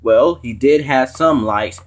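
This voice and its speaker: A man hosting a casual vlog as a stand-in, rambling and teasing as he rants to his viewers. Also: slow pace. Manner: rambling and teasing, with swooping pitch. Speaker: stand-in show host.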